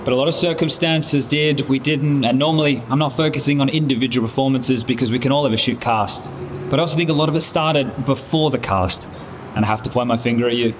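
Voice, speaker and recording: A man's voice: mid-range voice, steady tone, fast, noisy background. Angry man scolding a colleague. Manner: angry, scolding, heavy swearing.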